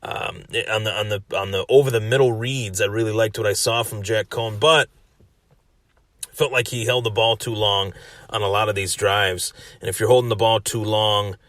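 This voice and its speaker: Chatty low-voiced sports podcast host. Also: male voice, steady tone, moderate pace, fairly bright tone, dry recording. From Western New York. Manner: chatty, repeats phrases and restarts. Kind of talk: solo sports podcast recap.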